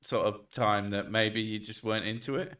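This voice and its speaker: A man's voice: fairly low pitch, steady tone, normal speed, a bit bright, recorded from a distance. A man streaming and chatting casually, joking, swearing and reading chat messages aloud.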